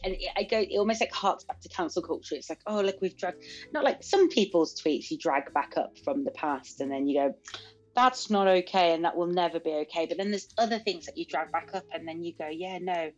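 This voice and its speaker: A woman's voice: lowish voice, fairly quick, lo-fi sound, soft background music. A young woman with a Birmingham accent chatting casually as a podcast co-host, telling stories and acting out quotes. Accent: Birmingham English. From England. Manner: animated, laughs often, acts out quotes. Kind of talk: casual chat.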